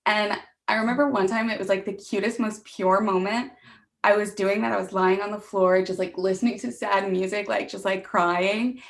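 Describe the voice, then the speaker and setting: A young woman guest in a casual chat, self-deprecating and quick to laugh, dramatic when telling stories. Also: mid-range voice, steady tone, creaky.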